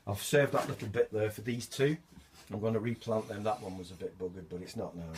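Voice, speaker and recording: A man's voice: lowish voice, steady tone, fairly quick, slight background noise. A middle-aged man gives a chatty, self-mocking walking tour of his allotment garden, recorded outdoors on a handheld camera.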